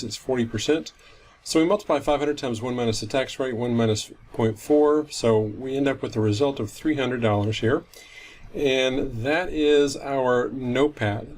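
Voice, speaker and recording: A man's voice: mid-range voice, slight background noise. A man teaching finance in a recorded lecture, explaining step by step and often correcting himself mid-sentence. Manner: methodical, self-correcting explanation. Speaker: finance instructor.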